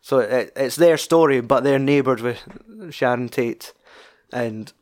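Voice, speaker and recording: A man's voice: medium pitch, a little slow. A young man with a Scottish accent chatting casually about a film, rambling and swearing freely.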